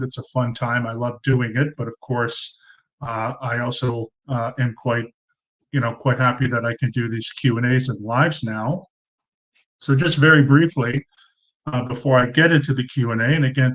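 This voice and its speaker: A man's voice: mid-range voice, fairly even intonation, moderate pace, a bit bright, rough recording. A man in his thirties hosting a casual live Q&A at home on a cheap desk mic, chatty and rambling with lots of ums and uhs. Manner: chatty, rambling, many ums and uhs, thanks viewers by name. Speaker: livestream host. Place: room at home under fluorescent lights.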